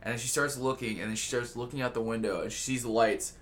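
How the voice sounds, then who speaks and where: A man casually telling a long story on a podcast, rambling, jokey and full of swearing. His voice is bright and forceful and sits at a middle pitch. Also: steady tone, fast. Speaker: podcast host.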